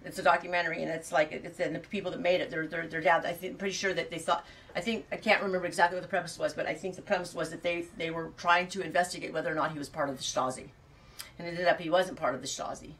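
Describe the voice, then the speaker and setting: A woman's voice: on the low side, steady tone, fast, fairly bright tone, recorded from a distance. A woman from California chatting casually and rambling as she reads out viewer comments, laughing often. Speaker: farm vlogger reading viewer comments. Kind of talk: casual chat.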